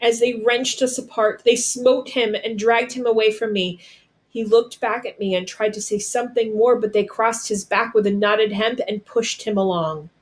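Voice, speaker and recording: A woman's voice: a little high, steady tone, normal speed. Woman reading a storybook aloud dramatically. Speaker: storybook reader. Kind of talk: read-aloud storybook narration.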